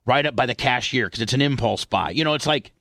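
A man's voice: medium pitch, fast, creaky, pushed and bright, dry recording, studio quality. A man hosting a talk show, telling a rambling, profane childhood story full of restarts. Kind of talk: casual storytelling.

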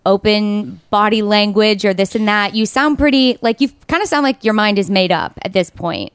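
A woman's voice: medium pitch, normal speed, clear, resonant tone, no echo, clean studio sound. A woman, a comedian guest on a podcast, chatting casually and agreeably. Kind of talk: casual chat.

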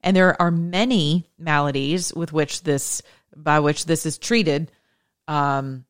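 A middle-aged American woman talking casually to her audience, telling an animated story full of quick asides and self-corrections. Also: deep voice. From United States. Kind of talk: casual monologue.

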